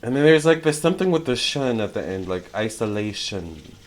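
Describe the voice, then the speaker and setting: A young man giving a casual tarot channeling talk, chatty and excitable, with many fillers and self-corrections. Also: mid-range voice, fast, slight background noise. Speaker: tarot reader.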